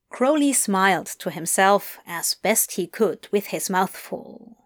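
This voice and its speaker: A woman narrating fan fiction in a soft, hushed, intimate reading voice. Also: on the high side.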